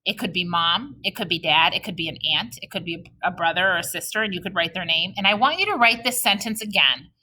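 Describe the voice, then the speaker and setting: A woman teacher giving a recorded reading lesson to young children, patient and encouraging, slowing right down to model sentences aloud. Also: fairly low pitch, sharp tone, slight background noise.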